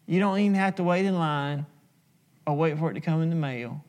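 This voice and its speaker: A man preaching a sermon, emphatic and repetitive, slowing for dramatic pauses. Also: a little high, darkish tone. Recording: long hall reverb.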